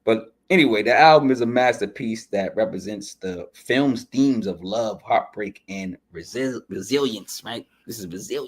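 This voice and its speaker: A man with a fairly low voice talks casually as a podcast host, running through tracks with loose asides and frequent shout-outs. He keeps dropping "you know what I'm saying" as he goes, and his nose is running. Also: moderate pace, hardly any pauses, breathy edge. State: runny nose. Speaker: podcast host reviewing an album. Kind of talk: casual music review chat.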